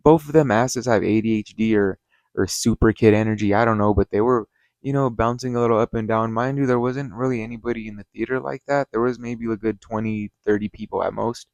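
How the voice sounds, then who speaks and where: Low-voiced guy ranting through a story-time review, dry close sound, swears a lot, rambly. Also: steady tone, fairly quick, a little mellow, dry recording. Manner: rambling and heated, with frequent swearing and "you know". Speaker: channel host.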